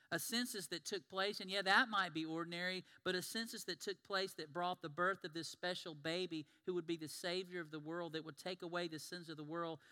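A man delivers a sermon, retelling Bible stories and voicing the people in them. His voice is bright and smooth, sitting a little high. It carries with the long reverb of a large hall. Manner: animated storytelling, acts out quoted biblical voices. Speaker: pastor.

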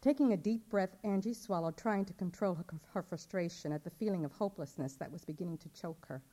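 A woman's voice: on the low side, brisk, dark tone. A woman author reading her short story aloud at a public event, narrating plainly and voicing the dialogue.

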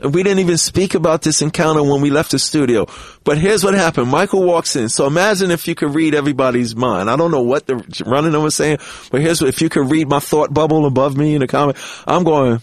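A man guesting on a podcast, telling an anecdote in an animated, profane way and acting out the quotes. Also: fairly high pitch, fairly quick, no room sound. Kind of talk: storytelling anecdote.

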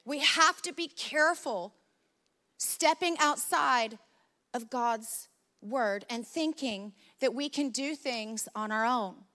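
A woman preaching a sermon, telling stories in a lively, conversational way. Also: a little high, takes it slowly.

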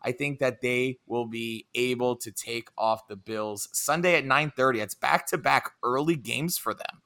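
Bright-voiced man, joking sports chat. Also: mid-range voice, moderate pace. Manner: joking, teasing. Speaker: podcast host.

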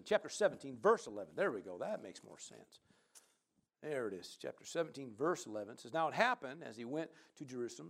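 A man preaching a sermon as pastor, reading scripture aloud and moving from conversational asides to loud emphatic bursts while calling for amens. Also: fairly high pitch.

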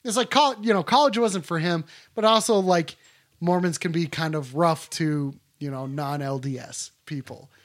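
A man's voice: on the high side, moderate pace, a bit bright. A man hosting a call-in stream, chatting loosely with callers, swearing and laughing easily. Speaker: call-in show host. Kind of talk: casual call-in chat. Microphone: streaming mic setup.

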